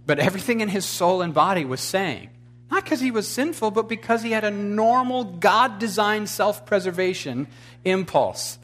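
A pastor preaches emphatically, questioning his congregation, throwing in wry, blunt humor and building to fervent exclamations. His voice is high-pitched, animated and fairly bright, at normal speed.

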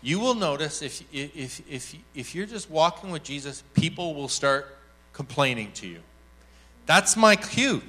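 Man, church workshop speaker, animated storytelling, bright forceful voice. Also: a little high, a little slow. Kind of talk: teaching talk with acted anecdote.

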